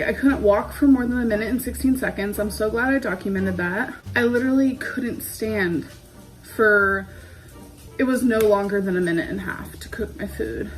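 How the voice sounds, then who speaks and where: A young woman vlogging as she cooks in her kitchen, rambling in a loose, casual way, a little out of breath. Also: a little high. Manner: rambling, heavy use of "like"; talking while cooking at the stove. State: slightly out of breath. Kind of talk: casual vlog talk to camera. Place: home kitchen. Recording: echoey kitchen with background music.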